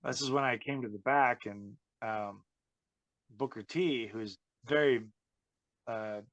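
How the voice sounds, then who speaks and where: Animated former wrestler telling backstage stories. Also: male voice, medium pitch, takes it slowly, dry recording. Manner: animated, chatty, laughs while telling stories. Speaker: guest, former pro wrestler. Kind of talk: casual interview storytelling.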